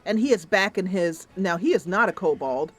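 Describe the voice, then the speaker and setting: A woman's voice: lowish voice, expressive, moderate pace, soft background music. A woman narrating a voice-acted role-play of a computer game, with playful, laughing asides.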